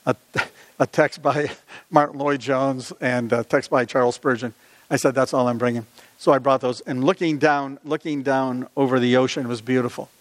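A man's voice: medium pitch, no room sound, long reverb tail. A male pastor preaching conversationally, asking his listeners questions and reading scripture aloud.

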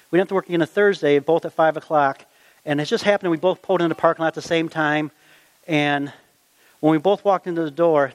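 A middle-aged man recounting a memory from his youth, folksy and lively, who slips into the voices of the people in his story. His voice sits a touch higher than most men's. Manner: animated, folksy storytelling with acted-out quotes. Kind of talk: personal anecdote, told aloud.

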